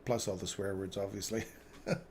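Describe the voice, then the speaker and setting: A man's voice: on the low side, level tone, moderate pace, darkish tone, slight background noise. A man hosting a live trading stream, chatting casually and telling rambling stories with frequent chuckles, then thinking aloud through chart analysis.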